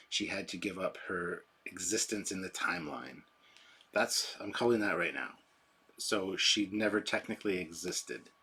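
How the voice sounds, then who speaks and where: A man's voice: low voice, sharp tone, slightly rough. A man hosting a casual livestream, rambling and chatty as he reads and answers chat on a sensitive microphone. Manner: rambling, chatty, self-deprecating. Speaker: livestream host. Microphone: sensitive desk microphone.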